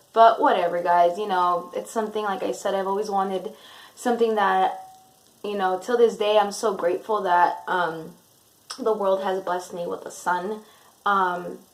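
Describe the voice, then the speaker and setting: A young woman vlogging a storytime, chatty and animated with plenty of fillers. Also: medium pitch, poor audio. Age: young adult. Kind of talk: storytime vlog.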